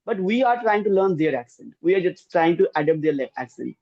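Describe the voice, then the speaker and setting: A man's voice: high voice, sing-song, a little fast, gravelly, dry recording. Hesitant Indian man, lo-fi dry mic. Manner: hesitant, many fillers, deferential. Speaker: English teacher and host. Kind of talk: casual interview.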